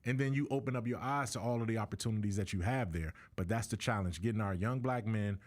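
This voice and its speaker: Encouraging low-voiced male co-host. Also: quick pace. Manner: affirming, encouraging. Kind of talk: casual sports talk show chat.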